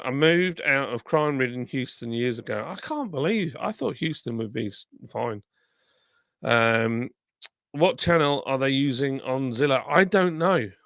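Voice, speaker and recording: A man's voice: mid-range voice, creaky, fairly bright tone, no echo, clean studio sound. A tired man, streaming live and reading viewer comments aloud in a rambling, self-deprecating, chatty way.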